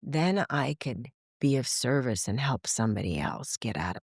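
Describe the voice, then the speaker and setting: A woman's voice: extremely low pitch, normal speed, breathy edge, no echo, clean studio sound. A woman in her sixties, a podcast guest, telling stories casually and acting out the dialogue in different voices. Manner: animated, acts out quoted dialogue in voices; frequent filler "like". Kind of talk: casual conversational storytelling.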